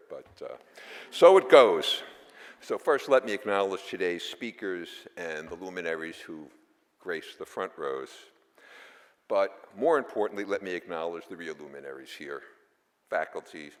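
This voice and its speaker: A man delivers a formal welcome speech in a very low voice, dropping in dry, wry asides. He often stumbles and restarts his words. His voice carries the long reverb of a large auditorium. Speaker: foundation board chair giving greetings.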